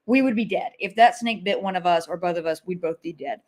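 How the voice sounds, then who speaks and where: A woman's voice: fairly low pitch, a little fast, a little mellow. A woman co-hosting a paranormal live stream, recounting an encounter vividly and repeating herself for emphasis. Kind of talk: casual live-stream chat.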